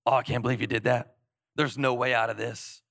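A man's voice: medium pitch, flat delivery, a little fast, gravelly, a bit bright, no echo, studio quality, voice pushed down. A man voicing the enemy as a scornful, condemning spirit in a sermon.

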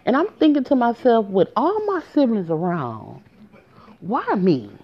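Here the storyteller vlogger's voice sits on the high side, swinging hugely in pitch at a moderate pace. Her casual storytime narration, captured on a muffled, dull lo-fi recording, is emotional and conversational and speaks directly to viewers.

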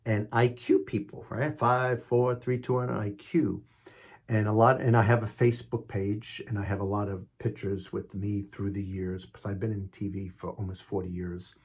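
A man's voice: on the low side, fairly even intonation, normal speed, darkish tone, breathy edge. A man in his sixties with a Queens New York accent hosts an inspirational podcast, reading affirmations with emphatic stress on key words and chatting casually between readings. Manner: chatty and self-deprecating in asides. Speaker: podcast host.

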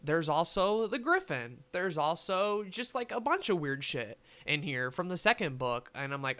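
A man's voice: a little high, animated, normal speed, hardly any pauses, bright, forceful tone, clear, resonant tone. A young man giving a rambling, casual movie review, swearing freely and talking with animation. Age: young adult.

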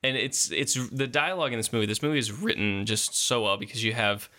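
A man's voice: mid-range voice, fairly quick, bright, forceful tone. A man in casual, rambling conversation about a movie, laughing often and talking animatedly.

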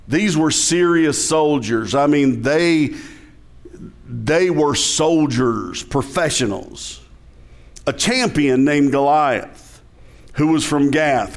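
A man with a Southern US accent preaching a sermon. His voice sits a little high for a man, and he preaches in an easy, conversational way. He often turns to ask the congregation questions. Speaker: pastor.

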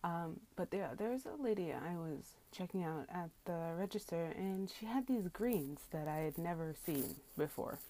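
A woman's voice: fairly low pitch, lively intonation, moderate pace, hardly any pauses, dark tone. A woman who works as a grocery cashier, ranting casually about customers from inside a closet, exasperated and incredulous and swearing freely.

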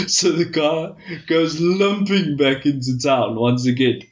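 A man's voice: mid-range voice, animated, slow pace, pauses often, low-quality recording. Guy on a podcast telling a filthy joke, swears a lot, rambles, keeps saying right. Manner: crude, swears freely, rambling with fillers like "flippin'" and "right?". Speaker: podcast host.

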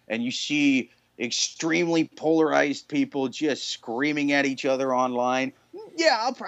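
A man's voice: fairly high pitch, no echo, lo-fi sound. A young man co-hosting a casual podcast chat, talking bluntly and mockingly with a lot of swearing. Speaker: podcast co-host.

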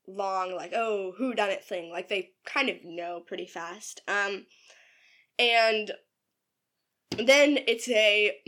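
A woman's voice: medium pitch, a bit bright. Chatty giggly young woman. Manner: chatty, giggly, filler-heavy. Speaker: podcast co-host and writer. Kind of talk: casual chat about her novel.

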